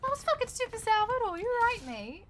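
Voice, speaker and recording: A young woman streaming a game, excitable, swearing often and laughing between reactions. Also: very high voice, brisk, a little hiss or hum. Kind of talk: casual live-stream commentary.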